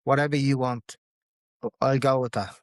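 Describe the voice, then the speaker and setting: A man's voice: mid-range voice, moderate pace, no room sound, studio quality. Dublin Irish man telling his story. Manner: lively storyteller who swears freely. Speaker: podcast guest. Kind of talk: personal storytelling in casual chat.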